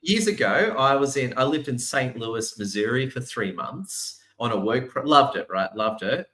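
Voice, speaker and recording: A man's voice: mid-range voice, lively intonation, moderate pace, fairly bright tone, roomy sound. A man guesting on a podcast, upbeat and playful in casual chat, cheering on the audience.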